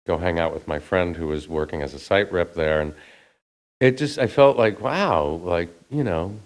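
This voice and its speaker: A male actor telling a casual story in an interview, chatty and laughing often. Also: deep voice. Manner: chatty, acts out the voices of people he quotes. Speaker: actor and guest.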